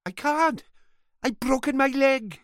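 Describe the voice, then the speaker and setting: A woman's voice: sits high, takes it slowly, dry recording, studio quality. A woman voicing a whiny, cowardly young boy bully who sulks and complains. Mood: scared. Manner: whining and sulky.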